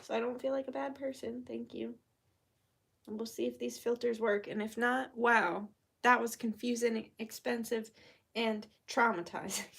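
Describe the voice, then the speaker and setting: Young woman chatting slow and loose over her candles, swears a lot, kinda high voice. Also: creaky, breathy edge. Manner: chatty, swears freely, drifts into whispers and humming. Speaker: vlogger doing a candle spell. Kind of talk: casual chat.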